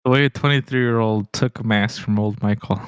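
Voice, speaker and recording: A man's voice: lowish voice, fairly even intonation, moderate pace, smooth, dry recording, clean studio sound. Laid-back man with short reactions. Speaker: podcast co-host. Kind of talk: casual movie review chat.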